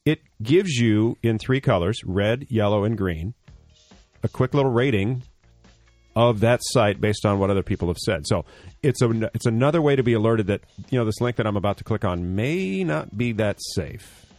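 A man's voice: lowish voice, lively intonation, moderate pace, a little mellow, no echo, faint music behind. A man co-hosting a radio tech show, explaining things at length in a blunt, joking way. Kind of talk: casual radio tech talk.

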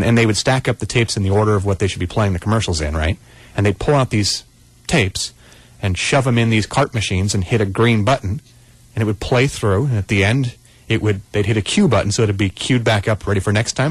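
Radio host, male, low-pitched, loose folksy delivery with lots of restarts, studio mic. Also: slightly rough, no echo. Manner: rambling, restarts often, folksy. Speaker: radio tech show host. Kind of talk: casual call-in radio chat.

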